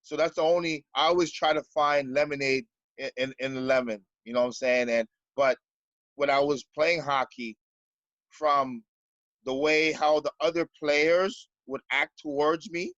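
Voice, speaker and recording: A man's voice: on the high side, steady tone, normal speed, fairly bright tone, no echo, lo-fi sound. A Canadian basketball coach in a podcast interview, speaking earnestly and stumbling over repeated words as he searches for them.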